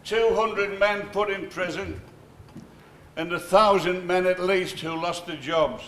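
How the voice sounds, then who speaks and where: A man giving a formal commemorative speech in a measured, deliberate way. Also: high-pitched, a bit bright. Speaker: speaker at plaque dedication. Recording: echoey room with faint noise.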